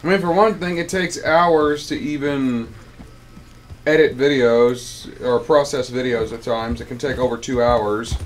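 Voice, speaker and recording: A man's voice: mid-range voice, fairly even intonation, measured pace, faint music behind. A man, griping and rambling with stammers as he records commentary over his gameplay at home. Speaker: let's player. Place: home room with air conditioner.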